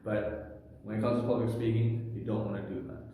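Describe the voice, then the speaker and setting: A man giving an energetic, animated, loud talk to camera with public speaking tips. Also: fairly low pitch, fairly quick, slight background noise. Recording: echoey room with long reverb.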